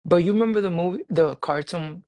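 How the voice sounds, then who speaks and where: A man telling a personal faith testimony in a casual interview, animated and laughing often, repeating his phrases. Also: high-pitched, a little fast, no room sound, poor audio. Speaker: guest sharing a faith testimony.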